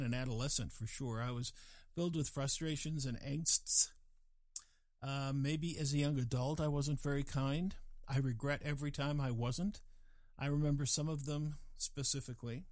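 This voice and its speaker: A man musing in a casual monologue, digressive and animated, with chuckling asides. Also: medium pitch, no room sound.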